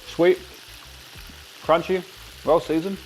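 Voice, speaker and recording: A man's voice: on the high side, flat delivery, slow, a little hiss or hum. An Australian man hosting a casual cooking demonstration, chatty and enthusiastic as he talks while he cooks. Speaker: cooking show host.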